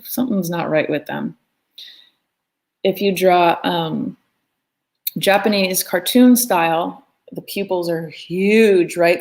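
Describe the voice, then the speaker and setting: An art teacher leads a live online drawing lesson, chatting playfully as she draws. Her voice is lowish and a little mellow, picked up on a phone microphone.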